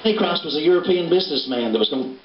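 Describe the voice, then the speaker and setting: A man's voice: a little high, lively intonation, racing. A man preaching a sermon, folksy and full of storytelling. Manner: folksy, storytelling preacher with a Southern turn of phrase. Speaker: pastor. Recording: roomy, dull livestream recording with hiss.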